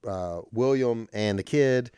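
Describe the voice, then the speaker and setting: A man's voice: medium pitch, slow pace, mellow, clear, resonant tone, no echo, clean studio sound. A man co-hosting a podcast, recapping a film plot in a loose, rambling way. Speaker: podcast co-host. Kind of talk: casual chat.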